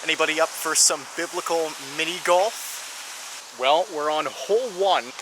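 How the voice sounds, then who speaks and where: A man's voice: fairly high pitch, a little slow. A man narrating a travel vlog around a city, explaining with touches of dry humor. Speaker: travel vlogger. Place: outdoors in a city. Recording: noisy outdoor street recording.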